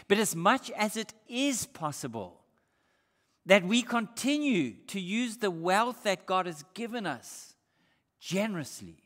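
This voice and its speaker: A man's voice: high-pitched, a bit bright. A male pastor from Australia preaching a sermon in an earnest, emphatic way, asking the congregation rhetorical questions. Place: church sanctuary. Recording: long hall reverb.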